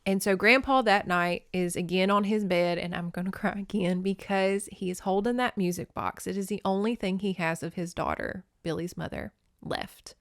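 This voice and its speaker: Woman podcaster doing a casual movie recap, smooth voice, dry close sound, swears a lot. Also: medium pitch, normal speed, few pauses, no room sound. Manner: chatty, swears, laughs and tears up. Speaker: podcast host.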